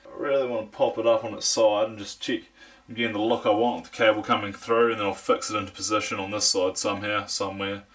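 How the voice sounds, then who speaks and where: A man's voice: fairly low pitch, level tone, quick pace, a bit bright. A young man with a New Zealand accent giving a casual, jokey hands-on review of computer parts, rambling with fillers. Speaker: tech reviewer.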